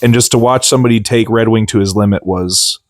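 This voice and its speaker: A man's voice: fairly low pitch, quick pace, no room sound. Male co-host, casual fan chat, repeats himself, dry close sound. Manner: enthusiastic, repeats himself for emphasis. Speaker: wrestling podcast co-host.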